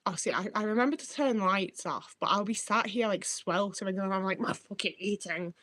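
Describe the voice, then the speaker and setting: A woman's voice: mid-range voice, brisk, fairly bright tone, dry recording. Sweary chatty Northwest English woman. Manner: chatty, sweary, self-mocking. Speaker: streamer. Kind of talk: casual livestream chat with viewers. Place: her own home.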